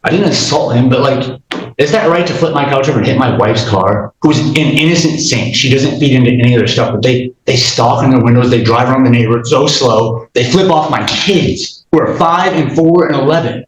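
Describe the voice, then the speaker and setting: This litigant in small claims court, a man in his thirties, gives agitated, rambling testimony in a brisk mid-range voice, often restarting and imitating other people's words. The recording is poor, with an echoey room.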